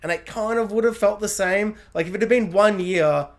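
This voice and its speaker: Guy with a pretty high voice doing a chatty tv review, lots of likes, kinda meandering. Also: moderate pace. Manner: rambling, heavy on "like" fillers. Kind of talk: casual spoken review.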